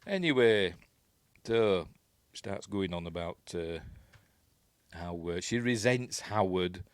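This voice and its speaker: A man with a Yorkshire accent talks his way through a film scene by scene in a loose, chatty ramble, stopping and restarting often. His voice sits very low. The recording is close and dry, with almost no room sound. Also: animated, slow pace, clean tone, dry recording. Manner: rambling, many fillers and restarts. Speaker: film reviewer. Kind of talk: casual film breakdown.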